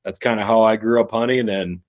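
A young man from eastern Iowa, a podcast guest, talking in a relaxed, rambling way with many fillers. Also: lowish voice, a little fast. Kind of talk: casual chat.

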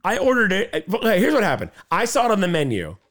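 Middle-aged male co-host, teasing banter, lively up-and-down voice. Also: high-pitched, fast talker. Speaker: podcast co-host. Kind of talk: casual chat.

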